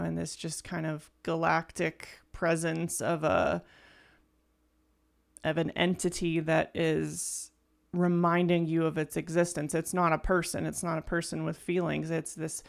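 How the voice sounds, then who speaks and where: A woman reacts to music on her own channel in an unhurried, soft-spoken way. Her voice sits a little low and has a gravelly edge. She gushes with praise, trailing off and restarting her thoughts as she goes. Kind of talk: casual first-listen album reaction.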